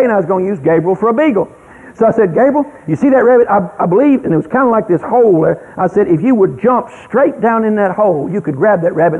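A man telling a lively story about raising kids, acting out scenes and shouting the quoted lines. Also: sits high, breathy edge. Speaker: speaker on parenting. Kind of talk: folksy storytelling talk. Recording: phone-like lo-fi radio broadcast.

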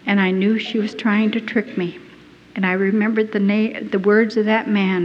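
A woman giving a personal testimony, telling her story in an earnest, halting and deeply moved way. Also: little pitch movement, slight background noise. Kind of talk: emotional first-person storytelling. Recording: dull lo-fi recording in a reverberant hall.

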